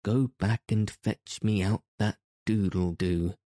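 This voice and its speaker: A man reading aloud gives voice to a cruel pirate captain who threatens in a soft, purring, courteous tone. The voice is deep and dark, and it moves slowly in a flat, even line. He reads it in a dry, close room. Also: no echo. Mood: silky menace. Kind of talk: audiobook reading.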